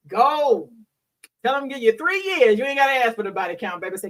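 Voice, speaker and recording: A woman's voice: a little high, lively intonation, brisk, far from the mic, poor audio. A middle-aged woman talking frankly and bawdily to her audience, preachy and laughing often. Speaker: host; hospital worker. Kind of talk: candid solo talk.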